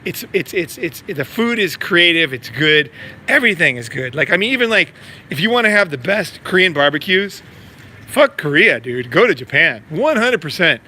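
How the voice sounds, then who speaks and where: A man's voice: fairly high pitch, very animated, moderate pace, pushed and bright. A man vlogging in casual, rambling talk, swearing freely and stacking fillers and repeats. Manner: profane, filler-heavy, repeats himself. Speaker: vlogger promoting a meetup.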